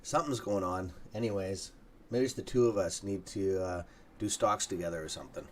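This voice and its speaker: A man's voice: low-pitched, a little fast, a little hiss or hum. A tired, yawning man hosting a casual live stock market stream, rambling and swearing now and then. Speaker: stock trading livestream host.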